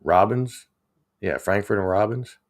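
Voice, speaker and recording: A man's voice: fairly low pitch, unhurried. A man, chatting casually with viewers on a livestream, rambling and chuckling as he reads the chat. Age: 40s. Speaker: livestream host.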